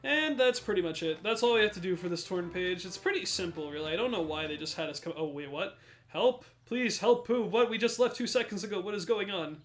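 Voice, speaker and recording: A young man commenting over gameplay in a high, wry voice. His jokes are sarcastic and offhand, and soft music plays behind him. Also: animated, fast talker, few pauses. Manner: sarcastic and joking. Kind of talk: let's play commentary.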